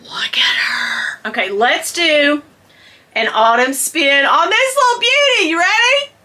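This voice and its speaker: A middle-aged woman vlogger in a casual unboxing chat, gushing and excitable, calling her viewers "girl" and dropping into whispered asides. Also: sits high, unhurried.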